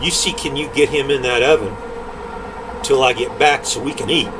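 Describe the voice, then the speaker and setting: An older grandfather reading aloud, voicing a slow-witted old male giant in a drawling folksy way. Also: medium pitch, noisy background, natural voice. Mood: coaxing.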